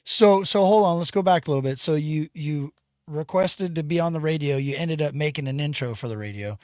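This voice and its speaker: A man hosting a casual interview, chiming in often and quickly agreeing. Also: a little high, a little mellow. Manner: chatty, quick to agree and chime in. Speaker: podcast host.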